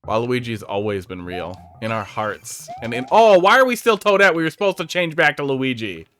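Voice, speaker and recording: A man's voice: mid-range voice, very animated, normal speed, fairly bright tone. A man giving casual, sarcastic commentary while reviewing viewer-made game levels on a stream, over faint game music. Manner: sarcastic, jokey, chatty.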